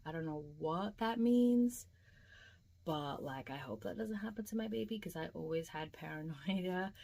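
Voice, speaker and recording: A woman's voice: low-pitched, a little mellow. Chatty young woman telling a dream. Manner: chatty, emotional, lots of "like" fillers. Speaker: vlogger. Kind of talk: casual dream diary vlog.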